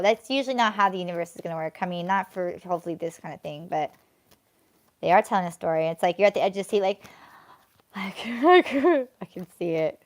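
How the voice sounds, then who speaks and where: A young woman streaming a live tarot reading, talking casually as she shuffles and draws cards. Her pitch sits in the middle of a woman's range, and she stretches words out between bursts of excitement. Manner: chatty, drawn-out, breaks into excited squeals. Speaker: tarot card reader.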